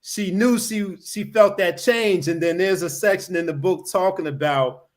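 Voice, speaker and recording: A man's voice: high voice, moderate pace. A man hosting a casual podcast chat over a video call, rambling with lots of "you know" fillers.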